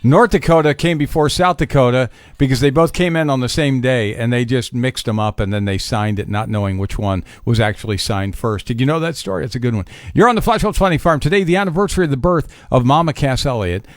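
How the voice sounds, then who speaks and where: A man's voice: mid-range voice, fast, hardly any pauses, no room sound, faint music behind. A man hosting an oldies radio show from a studio, chatting in an upbeat, easily amused way about listener notes and birthdays. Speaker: radio host.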